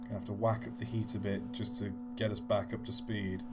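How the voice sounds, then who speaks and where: A lowish, fairly flat male voice moves a little fast as the streamer chats through a game on his livestream. It's casual, playful commentary where he mocks himself and tests out silly voices.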